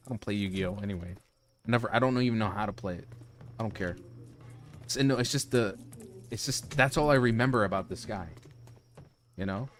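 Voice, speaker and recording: A man streaming from home, telling a personal story to his chat in a casual, animated, profane way, full of restarts. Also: lowish voice, brisk, pauses often. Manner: animated, profane, lots of restarts and "you know".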